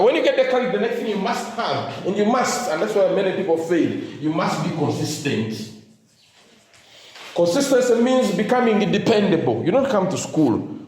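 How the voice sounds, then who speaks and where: A man's voice: sits high, a little mellow. A man giving a motivational talk to teachers, leaving sentences open with "what?" for the audience to fill in and mixing in Luganda phrases. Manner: call-and-response, asks "what?" for the crowd to fill in. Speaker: motivational speaker. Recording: echoey room.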